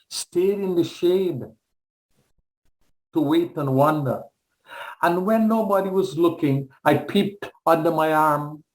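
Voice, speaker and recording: An older man from the Caribbean reads his poetry slowly, with a dark, mellow tone. Every line comes out measured and deliberate. His voice rings a little in an echoey room, heard over a video call. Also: a little high. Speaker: guest poet. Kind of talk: poetry reading.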